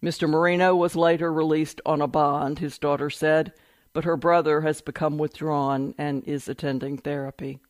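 Measured man reading a news report. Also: fairly high pitch, no echo. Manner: steady, measured reading that voices "quote" before quotations. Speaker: article reader.

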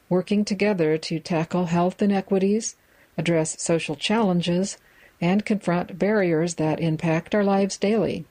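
A woman reading a magazine aloud in a measured way, describing its photos with the odd aside. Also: lowish voice, mellow, poor audio. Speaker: reader of a magazine for listeners.

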